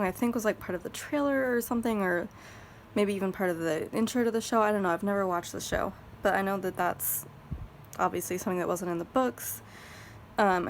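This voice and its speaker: A woman's voice: mid-range voice, slight background noise. A woman with a Texan accent, chatting casually and rambling as she thinks aloud at her planner desk at home. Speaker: planner vlogger. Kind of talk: casual chat. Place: home craft desk with a fan running.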